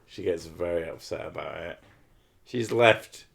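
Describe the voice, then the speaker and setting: A man's voice: sits low, measured pace, vocal fry. A young man streaming late at night, drunk, teasing his partner with crude jokes and laughing at himself.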